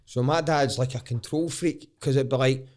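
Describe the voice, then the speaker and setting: A man's voice: mid-range voice, moderate pace, darkish tone. Chatty Glaswegian man telling stories. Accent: Scottish, Glaswegian. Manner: rambling, self-interrupting, swears casually. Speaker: guest, stand-up comedian. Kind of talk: candid podcast storytelling.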